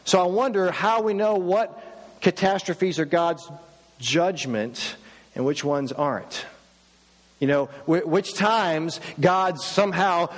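A male pastor delivering a sermon, asking one rhetorical question after another with rising emphasis. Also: high-pitched. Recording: long hall reverb.

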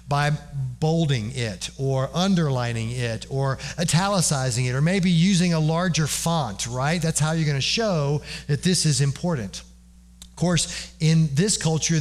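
A man preaching a sermon in an earnest way, explaining scripture with everyday examples and dramatic repetition. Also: a little high. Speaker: pastor.

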